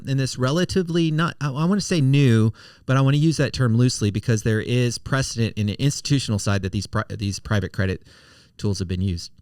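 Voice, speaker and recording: A man's voice: mid-range voice, clean tone, no room sound. Folksy man, dry close sound. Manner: conversational, self-correcting, folksy. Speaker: podcast host, financial advisor. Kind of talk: casual explanatory monologue.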